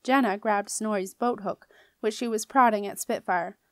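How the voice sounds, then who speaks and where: A woman narrating a children's fantasy novel as an audiobook reader, in clear, steady storytelling. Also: medium pitch, normal speed, dry recording, studio quality.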